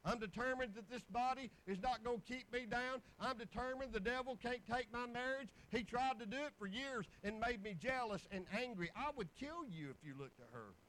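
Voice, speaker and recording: A man's voice: very high voice, fairly quick, few pauses, a bit bright, slight background noise, poor audio. A man, preaching in a folksy storytelling way with bursts of exclamation. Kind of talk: sermon testimony.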